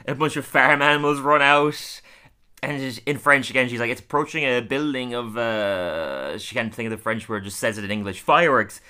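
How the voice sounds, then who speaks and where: A man hosts a casual podcast and recaps cartoon episodes with a grin in his voice. His tone is bright and forward. He laughs often and scatters fillers through his talk. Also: mid-range voice, moderate pace, clear, resonant tone. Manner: chatty, laughs often, many fillers, acts out quotes. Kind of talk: casual chat.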